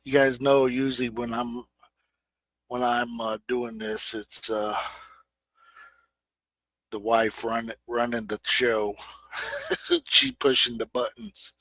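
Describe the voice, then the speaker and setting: A man's voice: medium pitch, flat delivery, takes it slowly, pauses often, bright, forceful tone, dry recording, low-quality recording. A middle-aged man from Indiana with an American Midwestern accent, hosting a casual livestream chat in a plain-spoken, emphatic way. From Indiana, USA. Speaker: livestream host.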